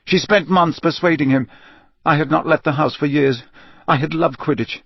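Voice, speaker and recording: Man reading as a flat, vacant young dark wizard. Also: on the high side, normal speed, dry recording, dull audio. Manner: flat, monotonous, emotionless. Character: young male dark wizard confessing under truth potion, vacant.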